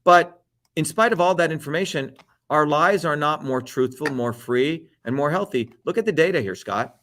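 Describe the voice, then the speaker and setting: This man speaks in a fairly high voice and rants with heat and plenty of swearing. He hammers his points home as an interview guest, chanting the same line over and over. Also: animated, moderate pace, a bit bright, a little hiss or hum. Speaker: political candidate guest. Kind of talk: heated profane rant.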